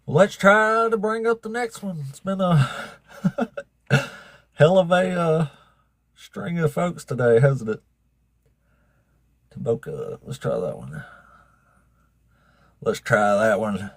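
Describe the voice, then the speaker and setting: A man's voice: on the high side, big pitch swings, takes it slowly, long pauses, no room sound. Man, Southern accent, from Alabama, laid-back, chuckles a lot, debate stream host, dry sound. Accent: Southern American. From North Alabama. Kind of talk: casual debate livestream.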